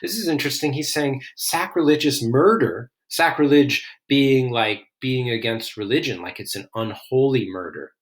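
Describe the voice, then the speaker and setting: A man's voice: mid-range voice, normal speed, few pauses. Man musing casually over old verse. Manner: reads lines then paraphrases them in plain talk, musing and curious. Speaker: literature explainer. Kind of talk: casual read-aloud with commentary.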